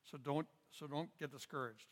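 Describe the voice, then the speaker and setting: A middle-aged pastor with a slightly higher-pitched male voice gives a parenting seminar, earnest and folksy, with stories woven in. His voice trails off into a long reverb, like a large church hall. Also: steady tone, normal speed. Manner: earnest, folksy storytelling with asides. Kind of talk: seminar teaching.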